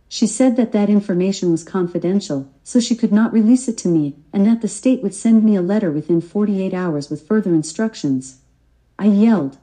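Very dark-voiced woman reading her memoir. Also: mid-range voice, brisk, low-quality recording. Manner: earnest, devout testimony. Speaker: memoir author and narrator.

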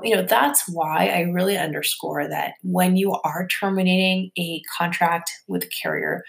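A woman's voice: lowish voice, creaky, fairly bright tone. A woman hosting a podcast, explaining things in a chatty, casual way with many fillers and asides. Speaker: podcast host.

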